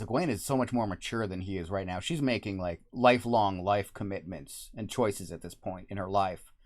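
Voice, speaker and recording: A man casually reviewing a TV show from a room with the window open, rambling and correcting himself as he goes. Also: fairly low pitch. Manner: rambling, self-correcting, upbeat. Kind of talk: casual solo review talk.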